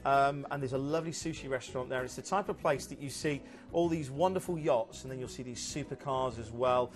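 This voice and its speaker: A man's voice: mid-range voice, fairly quick, soft background music. A man presenting cruise holidays on a TV sales show, chatty and upbeat with lots of fillers. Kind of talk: enthusiastic sales chat.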